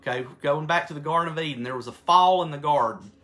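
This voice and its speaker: A man leading a Bible study, reading scripture aloud with slow, earnest emphasis and explaining his notes with restarts. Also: fairly high pitch, fairly bright tone.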